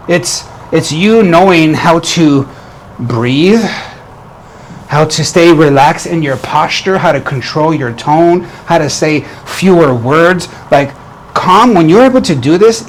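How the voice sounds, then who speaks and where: An earnest man coaching other men on relationships, his voice sitting a little high. He often restarts and repeats his phrases as he talks. Faint noise hums behind him. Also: animated, measured pace. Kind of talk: motivational talk to camera.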